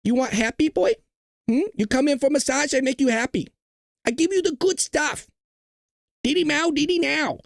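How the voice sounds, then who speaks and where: A man's voice: very high-pitched, moderate pace, gravelly, no echo, clean studio sound, voice pushed up. A man putting on a mocking caricature voice of a pushy massage-parlor worker who speaks clipped broken English. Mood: wheedling.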